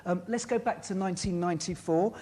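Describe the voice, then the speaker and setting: Rich: A man with a slightly husky voice hosts a TV interview, asking his questions hesitantly and padding them with fillers. His voice sits at an ordinary middle pitch. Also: quick pace, darkish tone. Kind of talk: TV interview hosting.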